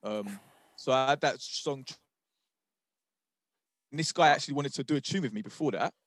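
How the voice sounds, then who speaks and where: A man, a rapper, telling a story on a podcast in a halting, measured way. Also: mid-range voice, fairly bright tone, no echo, clean studio sound. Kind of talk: casual chat.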